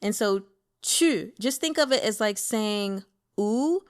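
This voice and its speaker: A woman hosting a casual book discussion who breaks off to teach how to say Mandarin names, talking with lively enthusiasm. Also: medium pitch, unhurried, clean tone. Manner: excitable, teaches Mandarin name pronunciation. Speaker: book club host.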